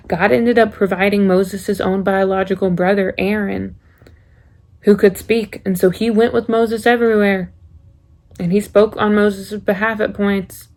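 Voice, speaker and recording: A woman's voice: mid-range voice, level tone, unhurried, a little mellow. A young woman giving a casual sermon, talking conversationally and acting out quoted excuses. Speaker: youth speaker.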